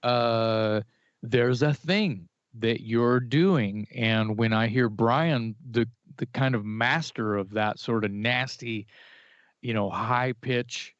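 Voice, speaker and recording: Podcast co-host, male, mid-pitched, opinionated and animated, dry slightly dull recording. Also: takes it slowly, dry recording. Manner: opinionated, animated, with restarts and fillers. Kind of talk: casual music chat.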